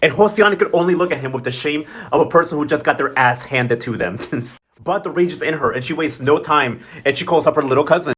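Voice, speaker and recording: Fast-talking, sassy man recapping. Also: fairly high pitch, slight background noise. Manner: sassy and animated, full of slang and asides. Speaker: novela recap vlogger. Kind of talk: casual comedic recap.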